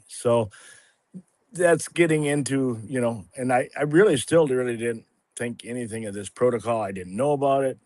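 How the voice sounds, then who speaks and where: Man, sixties, rambling testimony, halting restarts, dry close sound. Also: medium pitch, a little mellow, no room sound. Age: 60s. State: a little emotional at times. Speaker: guest sharing a testimony. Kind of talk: casual spoken testimony on a livestream.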